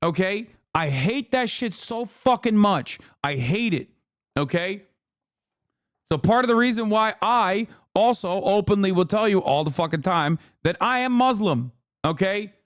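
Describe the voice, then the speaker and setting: A man's voice: high-pitched, animated, unhurried, no echo, clean studio sound. A man streaming a reaction, ranting angrily and profanely with mocking impressions. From Turkey. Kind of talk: profane heated commentary.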